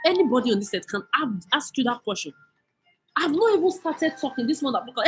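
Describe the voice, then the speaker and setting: A woman's voice: high-pitched, big pitch swings, fast talker, soft background music, rough recording. Nigerian woman vlogger, furious scolding rant with a lot of swearing. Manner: cursing, scolding, mixes in Pidgin. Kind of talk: angry rant monologue.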